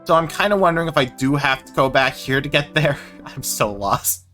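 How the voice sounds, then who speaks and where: A male streamer rambles through casual gameplay commentary, self-deprecating and salty. His voice sits a little high and swings widely in pitch. Faint game music plays underneath. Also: lively intonation, fairly quick, pushed and bright. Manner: rambling, self-deprecating, swears, laughs often.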